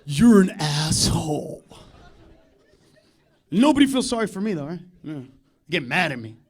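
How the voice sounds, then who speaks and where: A man doing a live stand-up comedy set on a club stage, ranting and profane, swinging between loud outbursts and mock-serious asides. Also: high voice, very animated, fast talker, breathy edge, some chatter behind.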